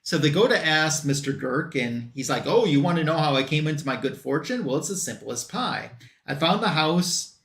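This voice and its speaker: A man's voice: on the high side, expressive, moderate pace, fairly bright tone, roomy sound. A man recapping a comic book story in a loose, run-on way, quoting the characters as he goes.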